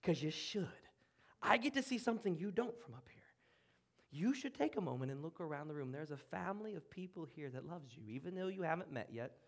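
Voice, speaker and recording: A man preaching from the front of a church room, his voice pitched a touch high. He speaks earnestly, slowing for pauses and dropping to near-hush on key points. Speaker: pastor. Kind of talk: sermon.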